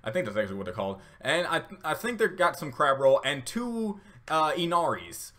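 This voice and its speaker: A man with a medium-pitched, slightly bright voice talks briskly, his pitch swinging widely. He hosts a casual reaction video, rambling with lots of fillers and restarts. At times he gets emotional, laughing through tears.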